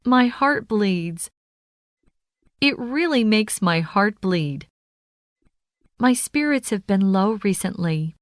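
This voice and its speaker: Woman reading practice phrases at an unhurried pace, mid-pitched, dry close sound. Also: lively intonation, no echo. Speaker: phrase reader.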